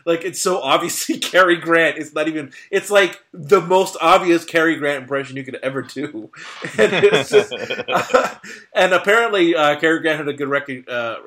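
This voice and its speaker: Bright-voiced man rambling about old films. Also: on the high side, lively intonation. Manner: rambling, halting restarts, frequent laughs. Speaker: podcast co-host. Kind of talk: casual film discussion.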